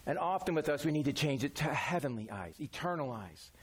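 A man's voice: a little high, animated, fairly quick, slightly rough. A man preaching a sermon in a folksy, conversational way, using everyday examples. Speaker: pastor.

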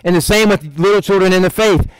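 An older man preaching as pastor, in an animated, conversational style with many asides. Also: sits high, fast, smooth, no room sound, low-quality recording. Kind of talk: sermon.

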